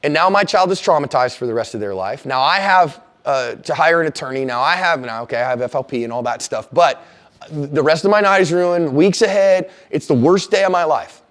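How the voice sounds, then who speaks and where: A man's voice: a little high, brisk. A middle-aged man teaches a self-defense class in a slightly raised voice. He tells stories with energy and acts out the people in them. His talk stays casual and direct throughout. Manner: animated storyteller, acting out quoted lines loudly.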